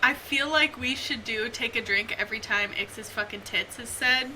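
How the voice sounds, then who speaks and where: A woman's voice: fairly high pitch, normal speed, sharp tone, slight background noise, poor audio. A young woman co-hosting a book podcast, chatting casually and getting giggly and tipsy. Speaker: podcast co-host. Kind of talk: casual chat.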